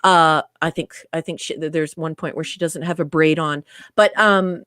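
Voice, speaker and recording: A woman discussing a TV episode in casual podcast talk, stopping and restarting often and trailing off softly. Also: deep voice, fairly even intonation, moderate pace, no room sound, clean studio sound. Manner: hesitant, many restarts and fillers, trails off softly. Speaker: guest co-reviewer.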